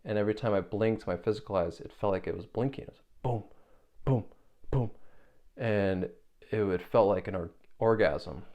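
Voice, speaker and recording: A young man earnestly telling a personal spiritual story, halting and repeating words as he searches for how to describe it. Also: fairly low pitch, steady tone, muffled recording. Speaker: spiritual video creator.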